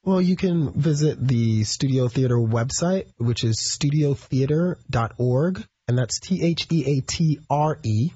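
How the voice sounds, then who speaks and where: A male stage actor being interviewed on the radio, with a slightly husky voice. He explains things thoughtfully, pausing and searching for words. The sound is dry and dull, like lo-fi broadcast audio. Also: medium pitch, expressive, mellow, no room sound. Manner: thoughtful, explanatory, with pauses and fillers. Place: radio studio.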